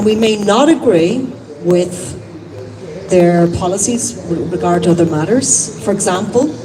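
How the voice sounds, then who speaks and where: A woman from Ireland with an Irish accent, giving an earnest public speech outdoors, pausing often with ums. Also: fairly low pitch. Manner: earnest, halting with many ums. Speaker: rally speaker. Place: outdoor public speaking event. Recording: distant mic with loud street noise.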